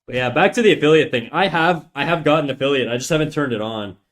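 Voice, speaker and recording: A Canadian man with a slightly high voice talks quickly and casually on a live stream. He's laid-back, thinks out loud, and swears freely.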